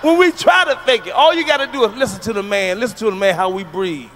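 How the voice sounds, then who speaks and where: Brief: male stand-up comic, very high voice, brash and profane, faint noise behind him. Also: fast. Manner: brash, profane, with sudden shouted bursts. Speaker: stand-up comedian. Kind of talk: stand-up comedy routine.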